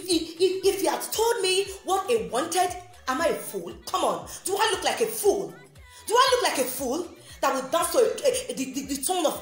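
A woman's voice: high voice, a bit bright. A Nigerian woman and mother in a heated, repetitive, confrontational rant. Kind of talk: angry direct-address rant. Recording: roomy echo with faint music.

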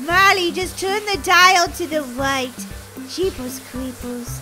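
Super high squeaky woman doing a dramatic game roleplay, bright, music in the back. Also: a little slow. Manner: excitable, dramatic, giggly. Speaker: game role-player. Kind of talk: playful game role-play.

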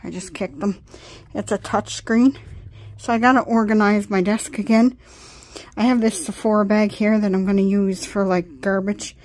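A woman's voice: mid-range voice, steady tone, normal speed, a little mellow. A tired woman chatting casually at her desk at home, rambling and getting sidetracked as a vlogger. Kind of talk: casual chat.

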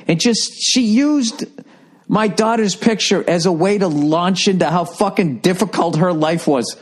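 A man rants on his podcast, swearing freely and sounding exasperated. His voice sits a little high for a man, and he mocks people by mimicking them. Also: measured pace. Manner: profane, exasperated, mocks others in put-on voices. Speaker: podcast host. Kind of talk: casual ranting monologue. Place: home room with birds chirping outside.

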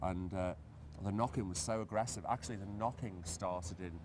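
A man from near Liverpool tells his story in a lowish, frank voice, blunt and unvarnished, with swearing dropped in freely. The recording is noisy, with traffic and street sounds outside. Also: moderate pace. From England, near Liverpool. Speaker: interviewee. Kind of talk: candid personal storytelling.

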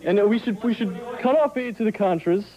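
A man's voice: high voice, lively intonation, brisk. A man in a talk show audience arguing heatedly, stammering as he makes his point. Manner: argumentative, stammering. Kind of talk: heated debate. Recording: dull old TV audio with crowd.

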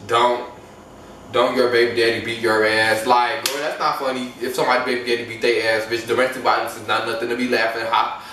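A man's voice: medium pitch, fairly bright tone, recorded from a distance, slight background noise. A man giving blunt, profane, exasperated reaction commentary in a vlog. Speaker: commentary vlogger. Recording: echoey room, voice off-mic.

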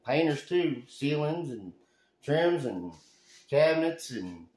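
A man from Alabama, vlogging casually about his renovation work with a rambling, folksy manner that swings into loud rants. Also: on the high side, big pitch swings, takes it slowly. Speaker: handyman vlogger. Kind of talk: casual vlog chat. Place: house under renovation, indoors. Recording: echoey room.

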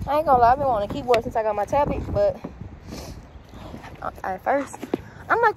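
A woman's voice: on the high side, a little fast, long pauses. Breathless young woman vlogging outdoors in wind. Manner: loud, playful, laughing, talks straight to viewers. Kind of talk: casual unboxing vlog. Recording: outdoor phone audio with wind noise.

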